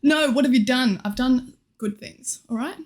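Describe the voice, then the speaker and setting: A woman's voice: high voice, moderate pace, darkish tone. A young woman streaming live, chatting casually and greeting viewers, giggly and scattered, her voice a little worn. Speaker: Twitch streamer.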